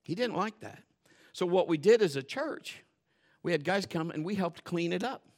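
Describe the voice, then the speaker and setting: A male pastor preaching a sermon in a folksy, joking way, dropping to quiet asides and building to loud, fervent stretches. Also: high-pitched, expressive, moderate pace. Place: church.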